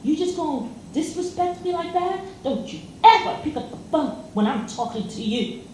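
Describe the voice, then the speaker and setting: A woman acting out a furious man who snaps and curses at the woman across the table. The voice is pushed higher than the teller's own, indignant and loud. It sits in a very echoey room with faint background noise. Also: expressive, normal speed. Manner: shouting, indignant. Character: angry aggressive man cursing at his date.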